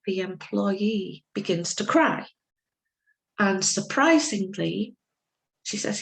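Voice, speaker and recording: Slow, deliberate woman lecturing. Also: mid-range voice, expressive, poor audio. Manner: slow, deliberate storytelling, acting out quoted speakers. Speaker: legal English teacher. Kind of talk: lecture with case stories.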